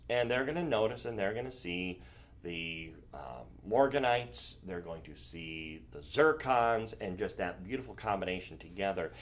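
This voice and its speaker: A man's voice: low-pitched, lively intonation, moderate pace. A man hosting a live shopping stream, selling jewelry in a chatty, enthusiastic way and correcting himself as he goes. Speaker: shopping channel host.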